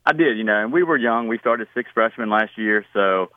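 A middle-aged high school football coach answers radio interview questions in a relaxed, plain-spoken manner, full of fillers and restarts. He speaks at normal speed, and the recording is dry with narrow, tinny audio.

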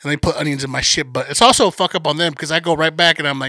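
A man's voice: fairly high pitch, very fast, bright, forceful tone, no echo, studio quality. A young man of Mexican heritage, co-hosting a podcast, telling a profane story in casual chat. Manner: profane, storytelling with acted quotes. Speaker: podcast co-host.

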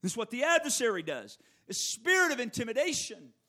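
A man preaching a sermon, animated and conversational, who repeats his key phrases and makes quick asides to the congregation. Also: extremely high pitch. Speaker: pastor.

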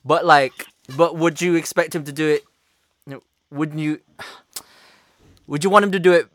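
Young man, bright and close. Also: fairly high pitch, steady tone, a little slow, no echo. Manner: loose, laughing, street slang. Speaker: podcast host. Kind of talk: casual banter.

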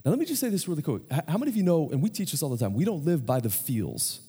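A man's voice: fairly high pitch, sing-song, racing, mellow, breathy edge. A man in his thirties with an American accent, preaching a conversational sermon, telling a family story and asking the congregation questions. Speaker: pastor. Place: church sanctuary. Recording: long church hall reverb.

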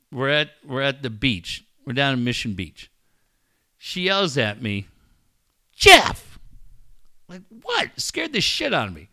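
Casting: middle-aged man, fairly high bright voice, animated storyteller who acts out quotes. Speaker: coach and father. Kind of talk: casual storytelling chat.

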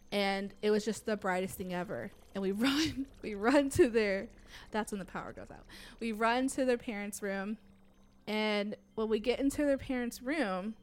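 A young woman casually recounting a scary night to friends, animated and full of fillers, swearing freely. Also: mid-range voice, clean tone. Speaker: storyteller. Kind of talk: casual chat.

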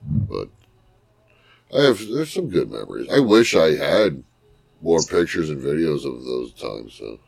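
Man, podcast co-host, very deep voice, lively pitch, dry teasing. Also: a little slow, gravelly, long pauses, husky. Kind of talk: casual chat.

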